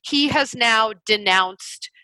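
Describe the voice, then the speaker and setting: A young woman chats through a movie recap, animated and quick to mock. Her voice is bright and slightly high. The sound is close and dry. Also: dry recording. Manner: animated, laughing, mocking impressions. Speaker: podcast co-host. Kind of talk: casual chat recapping a movie.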